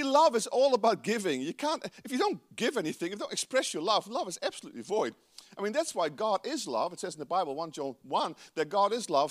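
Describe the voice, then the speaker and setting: Animated Dutch-accented man preaching. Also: high-pitched. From Netherlands. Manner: animated, playful, laughs at himself. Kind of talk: sermon.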